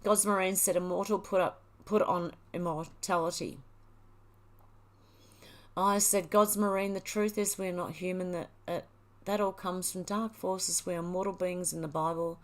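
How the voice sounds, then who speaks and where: A woman's voice: fairly low pitch, steady tone, normal speed. A middle-aged woman hosting a livestream, reading viewer comments aloud and chatting back casually. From Australia. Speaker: livestream host reading chat. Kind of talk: casual chat.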